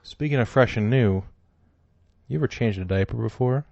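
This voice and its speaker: A man co-hosting a comedy podcast, chatting casually with sarcastic, animated delivery. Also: mid-range voice, moderate pace, gravelly, dry recording, dull audio. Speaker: podcast co-host.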